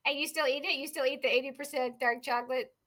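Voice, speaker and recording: High bright-voiced woman hosting. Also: steady tone, fast talker. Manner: conversational, many fillers. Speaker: podcast host. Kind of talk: casual podcast chat.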